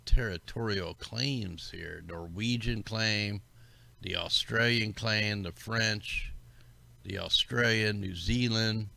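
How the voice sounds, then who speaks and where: Low gravelly-voiced man musing aloud. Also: bright, forceful tone, no echo. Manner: rambling, conspiratorial, talks to chat viewers. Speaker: livestream host. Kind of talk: casual commentary over maps.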